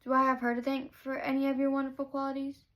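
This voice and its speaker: A woman's voice: sits high, monotone, fast talker, a bit bright. A woman reading aloud the lines of a cocky young man from a novel, voicing him lightly in her own voice. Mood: teasing.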